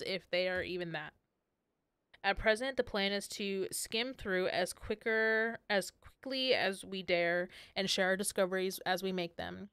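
A woman reading aloud the lines of an earnest young noblewoman scholar from a game, halting and stumbling over words. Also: medium pitch, fairly bright tone, smooth, dry recording, close to an everyday voice.

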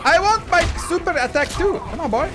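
A gamer giving excitable let's play commentary, swearing and laughing often. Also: very high voice.

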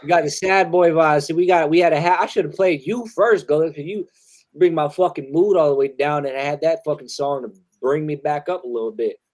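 A man hosting a live music review stream, talking loud and loose with heavy slang and swearing, laughing often. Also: on the high side, a little fast. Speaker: host reviewing submitted music. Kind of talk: casual live-stream chat.

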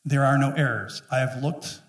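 A man in his fifties preaching a sermon as pastor, emphatic and joking, often acting out quick voices. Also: mid-range voice, steady tone. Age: 50s. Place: church sanctuary. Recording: echoey room, mic at a distance.

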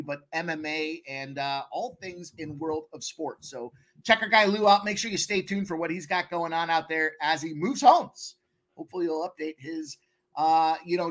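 A man hosting a sports betting live stream, hyping up his guests with slangy shout-outs in casual chat. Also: high-pitched. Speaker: host of a sports betting show.

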